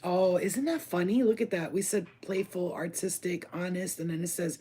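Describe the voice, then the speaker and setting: An adult card reader giving a casual, slangy and profane oracle card reading, talking straight to the viewer and getting excited over the cards. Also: medium pitch, normal speed, hardly any pauses, slight background noise.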